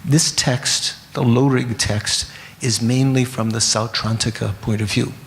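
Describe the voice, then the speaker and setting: Male dharma teacher, gravelly, halting delivery, quizzes the class, faint noise behind. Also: medium pitch, fairly even intonation. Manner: halting, restarts, asks the audience questions. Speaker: Buddhist teacher.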